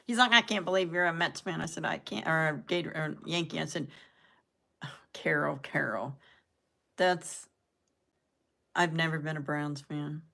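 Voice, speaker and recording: A woman's voice: sits low, steady tone, normal speed, gravelly, pauses often, pushed and bright. An older woman rambling in casual chat with her viewers, laughing at her own jokes as she goes. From southern United States. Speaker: live-stream host chatting with viewers.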